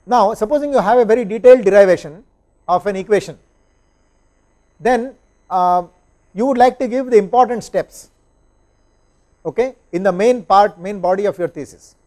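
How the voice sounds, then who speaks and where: A man's voice: high voice, normal speed, pauses often, a little mellow. A man, lecturing and answering questions, explaining step by step and often checking understanding with "right?" and "okay?".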